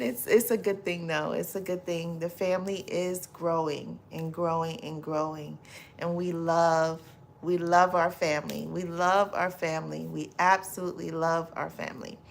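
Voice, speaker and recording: A middle-aged woman hosts a casual livestream and reads comments to her viewers. Her voice sits a little low. She is effusive and bursts into loud laughter easily. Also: fairly even intonation, unhurried, gravelly, slight background noise. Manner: warm, effusive, laughs often and loudly. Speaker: livestream host.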